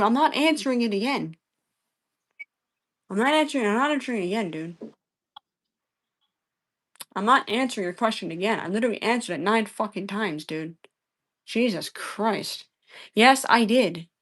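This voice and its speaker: A woman live-streaming a debate, answering chat questions in an exasperated, profane way and repeating herself. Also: medium pitch.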